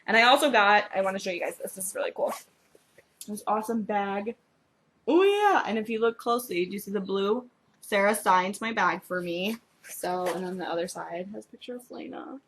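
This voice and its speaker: A young woman book blogger talks straight to camera in a casual vlog, gushing with fan excitement. Her voice is bright and crisp, and her pitch sits in a middle range. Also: brisk, slight background noise. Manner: gushing, excitable fangirl chatter.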